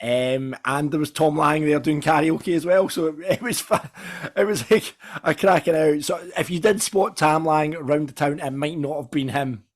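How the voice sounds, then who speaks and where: A Scottish man hosting a fan podcast in a casual, jokey, rambling way, his voice hoarse and nearly gone. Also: fairly high pitch, fairly even intonation, normal speed. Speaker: podcast host.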